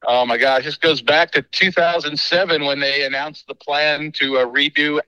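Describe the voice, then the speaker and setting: A man's voice: a little high, fairly even intonation, normal speed, sharp tone, smooth, dry recording, highs cut off. A man speaking as a guest baseball reporter, running through team details casually with many fillers. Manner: knowledgeable, rambling with fillers. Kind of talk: casual interview talk.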